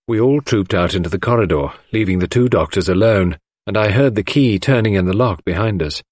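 A man reading an audiobook aloud with expressive, measured narration on a close mic. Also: on the low side, husky, no room sound. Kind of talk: scripted narration.

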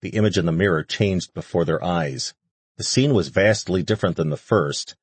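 A man reading an audiobook as narrator, in a steady, measured way. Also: deep voice, slightly rough, no room sound. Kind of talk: scripted narration.

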